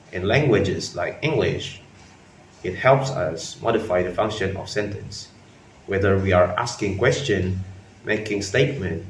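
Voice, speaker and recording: A man's voice: lowish voice, a little hiss or hum. A young man, a student, giving a class presentation, explaining from notes. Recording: roomy, distant mic, faint ambience.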